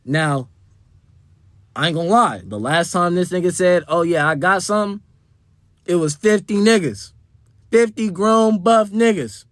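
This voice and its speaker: A man's voice: high voice, dry recording. A young man telling a wild party story in a casual, slangy and profane way. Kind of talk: storytime vlog.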